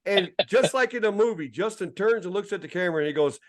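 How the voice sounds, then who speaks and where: A man's voice: animated, quick pace. A man, co-hosting a podcast, telling family stories in casual chat and teasing his brother. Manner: teasing, imitates family in higher voice. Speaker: podcast co-host.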